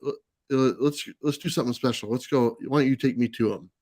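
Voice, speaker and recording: On his live stream mic, the comics channel host drifts through a long, casual anecdote packed with fillers and restarts. His mid-range voice is a little fast and a little mellow, and the recording is dry.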